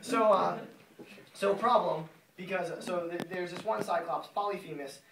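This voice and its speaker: A man's voice: high voice, normal speed, gravelly, slight background noise. A young man giving a casual class presentation, jokey and rambling, full of fillers. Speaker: student presenter. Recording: roomy classroom, distant mic, loud class laughter.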